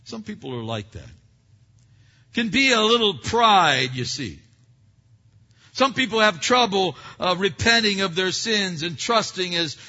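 A man preaching a sermon, swinging between loud emphatic lines and hushed asides. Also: high voice, very animated, a little slow. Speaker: pastor. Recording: dull echoey hall recording.

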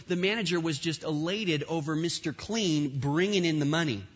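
A man preaching a sermon in a lively, conversational way, with asides and jokes. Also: fairly high pitch, brisk, hardly any pauses, slightly rough. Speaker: pastor. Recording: dull sound with long hall reverb.

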